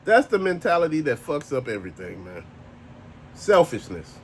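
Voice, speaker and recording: A man's voice: fairly high pitch, sing-song, normal speed, slight background noise. A married man ranting casually to camera as a toy collector vlogger, blunt, profane and exasperated. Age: adult, married.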